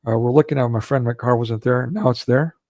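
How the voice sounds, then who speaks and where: A man's voice: mid-range voice, fairly even intonation, brisk, a little mellow, no room sound. A man hosting a livestream, telling a long rambling story in casual chat with frequent restarts and fillers. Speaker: livestream host.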